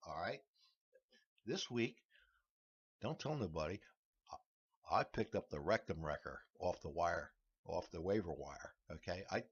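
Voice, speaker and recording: Husky-voiced man in a rambling comic monologue. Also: lowish voice, fairly bright tone. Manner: rambling, with many restarts and "all right"s. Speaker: comedy show host. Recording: dull lo-fi recording.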